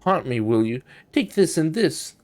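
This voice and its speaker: A man's voice: on the high side, sing-song, measured pace, darkish tone. A man voicing an elderly, sour, batty woman who mutters to herself in a sing-song way. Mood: muttering.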